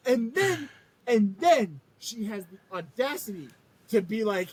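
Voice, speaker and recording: A woman's voice: a little high, big pitch swings, measured pace, darkish tone, husky, low-quality recording. Woman ranting heatedly with lots of swearing. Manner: heated profane ranting, laughing often; acts out characters' lines in a mocking tone. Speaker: podcast co-host. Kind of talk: casual show recap chat.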